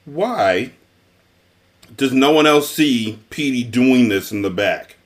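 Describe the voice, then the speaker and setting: A man's voice: medium pitch, expressive, slow pace. A man co-hosting a podcast, questioning a movie's logic and thinking aloud in casual chat. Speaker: podcast co-host.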